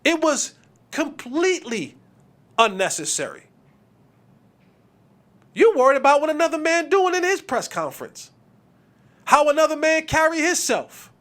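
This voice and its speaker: A man in his thirties hosts a sports podcast in an unusually high voice. He talks emphatically, hammering his points through repetition and casual street slang. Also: big pitch swings, measured pace, pauses often, fairly bright tone. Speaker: podcast host.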